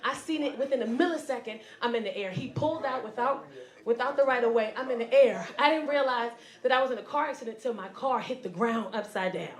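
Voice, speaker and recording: A woman stand-up comedian delivers a story into a handheld mic in a comedy club. Her voice sits high, and she tells it animatedly, acting out the other voices. The room around her echoes. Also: fast talker. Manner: animated, acts out voices and shouts.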